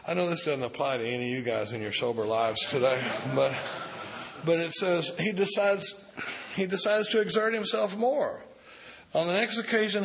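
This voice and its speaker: A man's voice: high voice, a bit bright. A man giving an informal, folksy talk at a recovery meeting, reading a passage and then riffing on it in blunt, salty language. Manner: folksy, profane, reads a passage then riffs on it. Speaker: recovery group speaker.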